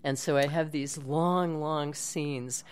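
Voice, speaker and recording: A woman's voice: deep voice, fairly even intonation, takes it slowly. Chatty woman telling stories, laughing. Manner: chatty storyteller, laughs often. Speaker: actress and guest. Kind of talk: casual podcast interview.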